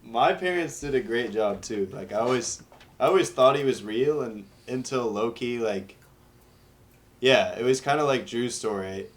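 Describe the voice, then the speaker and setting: A man's voice: mid-range voice, lively intonation, normal speed. A young man co-hosting a casual podcast chat, laid-back and easygoing. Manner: laid-back, short agreeing replies. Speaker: podcast co-host.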